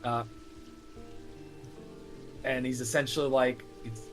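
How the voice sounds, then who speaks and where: A man's voice: mid-range voice, little pitch movement, slow, a bit bright, faint music behind. A man playing a tabletop game, chatting casually in a rambling way with restarts and frequent laughs. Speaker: player.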